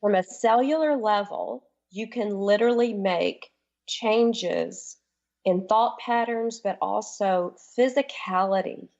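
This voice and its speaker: An enthusiastic woman coach talks in a casual radio interview, her voice at a middle pitch. She rushes ahead in bursts, then stretches out key words. The sound is dull and lo-fi. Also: darkish tone. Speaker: guest, transformation coach.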